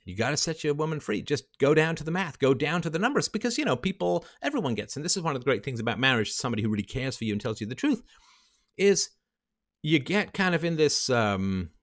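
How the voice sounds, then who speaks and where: A man's voice: fairly high pitch, big pitch swings, quick pace. A man hosting a livestream monologue, emphatic and lecturing, walking through numbers step by step. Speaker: livestream host.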